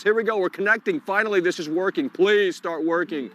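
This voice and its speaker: A man's voice: high voice, fairly quick, a bit bright. A man hosting a live call-in stream outdoors, swearing and muttering in frustration as he fixes his tech. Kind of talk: live-stream rant while fixing tech.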